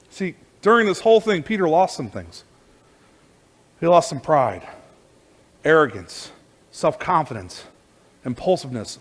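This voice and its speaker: A man preaching a sermon as pastor, telling a story with lively energy and many restarts and repeated words. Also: fairly high pitch.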